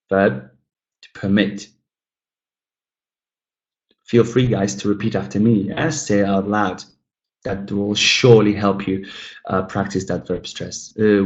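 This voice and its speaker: A man teaching an online English lesson, modelling words slowly and clearly, encouraging and playful with his students. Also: fairly low pitch, level tone, roomy sound, highs cut off.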